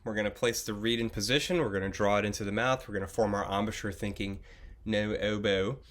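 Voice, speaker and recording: Low-voiced man teaching beginner oboe. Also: fairly even intonation, very fast, fairly bright tone. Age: young adult. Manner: patient, encouraging, with frequent fillers and restarts. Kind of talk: instructional video lesson.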